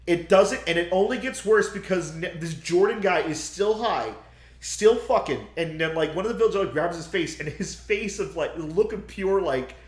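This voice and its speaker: A young man co-hosting a podcast, retelling a movie plot in loud, profane, animated bursts and acting out screams. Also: sits high, normal speed, echoey room. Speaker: podcast co-host.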